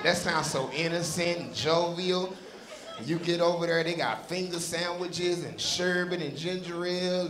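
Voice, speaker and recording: A man from Dallas doing profane, animated stand-up storytelling on a comedy club stage into a handheld mic. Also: a little high. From Dallas, Texas. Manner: profane, animated, punchy delivery. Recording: echoey club with crowd noise.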